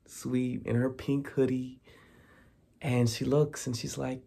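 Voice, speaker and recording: Male vlogger, mid-pitch, gravelly edge, animated recap delivery with quick character asides. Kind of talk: casual TV recap.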